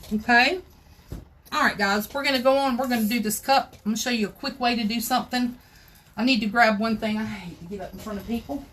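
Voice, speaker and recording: A woman's voice: mid-range voice, fairly bright tone, slight background noise. A woman, hosting a casual live crafting tutorial at home and chatting straight to her viewers. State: out of breath.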